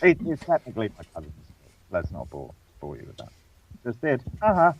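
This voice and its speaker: A man's voice: fairly low pitch, huge pitch swings, husky, poor audio. A young man, guest hosting a casual podcast chat, joking, swearing and laughing easily. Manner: jokey, swears, quick to laugh. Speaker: guest host.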